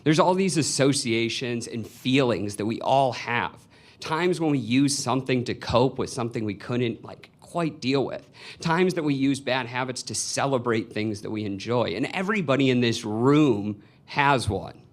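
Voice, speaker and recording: A man's voice: medium pitch, animated, normal speed. A man in his twenties telling a personal story live on stage, in a wry, confessional way. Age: 20s. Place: stage before a live audience.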